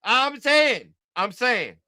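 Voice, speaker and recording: Man, livestream host, high voice, slow teasing delivery, mocking reaction commentary. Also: big pitch swings, bright, forceful tone, no room sound, studio quality. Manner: teasing, joking, drawn-out repetition.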